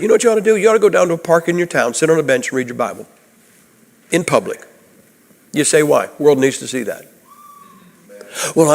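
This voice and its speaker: An American man preaching in a church hall, his voice pitched a little higher than most men's. He talks with animated energy, keeps asking the congregation rhetorical questions and acts out the voices he quotes. The sound carries a long reverb from the room. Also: vocal fry. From United States. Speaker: guest preacher. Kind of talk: sermon. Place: church sanctuary.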